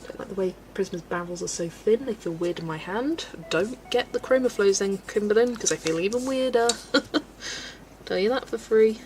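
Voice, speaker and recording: Colouring during a live stream, an English woman in her twenties with a West Country accent talks casually, laughing a lot and thinking out loud. She speaks at a normal speed in a medium-pitched, slightly mellow voice, and the audio is poor, with a little hiss or hum.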